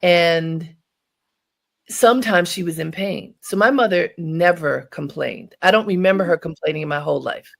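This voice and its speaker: A woman's voice: fairly low pitch, moderate pace, gravelly. A woman hosting a radio interview, telling a personal story in a reflective, heartfelt way. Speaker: host.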